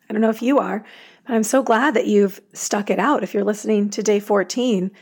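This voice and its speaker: Woman host, meditation teacher, earnest and chatty, gravelly and husky. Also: mid-range voice, moderate pace. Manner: earnest, chatty, self-aware asides. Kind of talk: casual spoken intro to a guided meditation.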